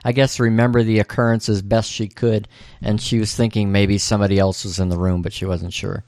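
A man's voice: fairly low pitch, little pitch movement, fairly quick, darkish tone, no echo. A man co-hosting a podcast, casually discussing a TV episode with dry, wry asides. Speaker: podcast co-host.

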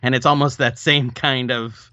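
A man co-hosting a podcast, chatting casually and thinking aloud with quick asides. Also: mid-range voice, little pitch movement, bright, forceful tone, dry recording. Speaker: podcast co-host. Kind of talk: casual chat. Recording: dry, slightly muffled lo-fi sound.

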